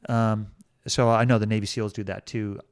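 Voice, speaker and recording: Low-voiced man telling a story unhurriedly. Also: flat delivery, clean tone. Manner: deliberate storyteller who often corrects himself mid-sentence. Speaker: podcast co-host. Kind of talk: casual podcast conversation.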